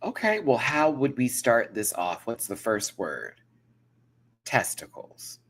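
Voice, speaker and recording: A man hosting a live review of a show in casual, animated, giggly chat. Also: medium pitch, slow, husky.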